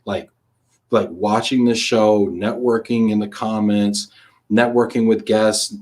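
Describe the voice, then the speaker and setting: A man's voice: lowish voice, fairly even intonation, slow, darkish tone. A man hosting a live-streamed talk show, chatting casually and energetically on a video call, tossing in slang like "buddy" and "man".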